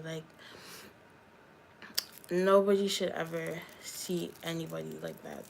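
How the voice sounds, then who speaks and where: A woman's voice: sits low, steady tone, slow pace, gravelly, long pauses, a little mellow, slight background noise, poor audio. A young woman, a YouTuber and hairstylist, chatting candidly on a livestream and talking straight to her viewers. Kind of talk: casual livestream chat.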